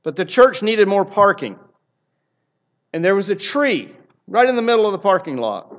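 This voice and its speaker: A man's voice: high voice, sing-song, moderate pace, lo-fi sound. A man preaching a sermon in an earnest, emphatic way, often repeating phrases for emphasis. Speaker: pastor.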